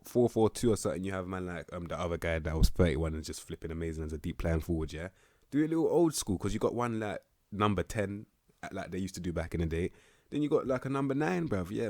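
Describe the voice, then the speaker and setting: A young man, casually rating players in a football management game, slangy and laid-back with bursts of excitement. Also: low-pitched, fast, dry recording, studio quality. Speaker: gaming YouTuber rating players.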